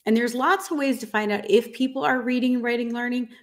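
A woman's voice: a little high, fast. A woman in her thirties, a dog grooming business coach, ranting frankly and emphatically to camera and calling her viewers "guys". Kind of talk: casual rant to camera.

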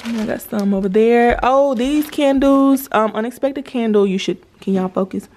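A woman's voice: fairly high pitch, normal speed, a little mellow. A young woman in her twenties talks straight to her viewers in a loose, chatty vlog voice and keeps calling them "y'all." She films on a phone held in her hand inside an empty house, with a faint hiss underneath. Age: 20s. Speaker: vlogger. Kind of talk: casual vlog chat. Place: new house, indoors.

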